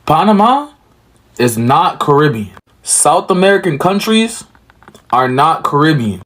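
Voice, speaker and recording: Commentary host, man, mid-high voice, firm explainer who lists points. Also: sing-song, measured pace, a bit bright. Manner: explanatory, emphatic, list-like. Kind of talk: reaction commentary.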